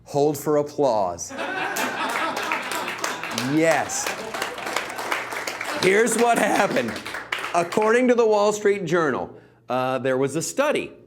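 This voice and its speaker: A man's voice: fairly high pitch, noisy background. A male comedian doing a sarcastic stand-up monologue, rambling with filler words.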